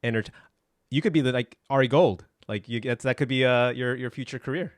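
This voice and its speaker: Loud joking man on a podcast. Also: mid-range voice, fairly quick, no echo, studio quality. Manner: loud, joking questions to a co-host. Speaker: podcast co-host. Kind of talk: casual chat.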